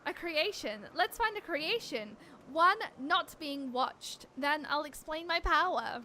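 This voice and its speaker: Woman voicing a soft, earnest young game creature; high, unhurried. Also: lively intonation, slight background noise, heavily acted. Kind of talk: reading game dialogue aloud.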